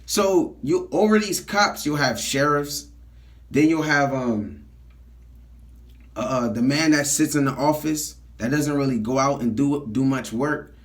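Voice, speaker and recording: A man's voice: mid-range voice, measured pace. A man preaching from scripture, reading verses aloud and then explaining them in plain talk, often checking in with "all right?". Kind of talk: street sermon teaching scripture.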